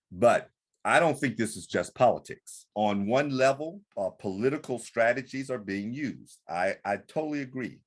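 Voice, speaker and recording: A man co-hosting a podcast, talking politics in an earnest, emphatic way with frequent restarts. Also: low voice. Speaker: podcast co-host. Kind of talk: political discussion.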